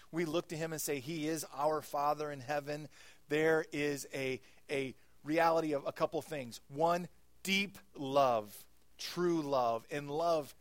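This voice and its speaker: A man's voice: medium pitch, no echo. Earnest preacher man, dry sound. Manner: earnest, dramatic swings from hushed to emphatic. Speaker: pastor. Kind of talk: sermon.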